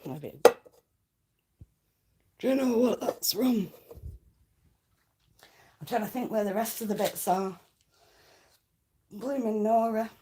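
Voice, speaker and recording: A woman's voice: fairly high pitch, takes it slowly, long pauses, noisy background. A woman hosting a casual livestream, chatting cheekily with viewers and laughing often. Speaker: livestream host.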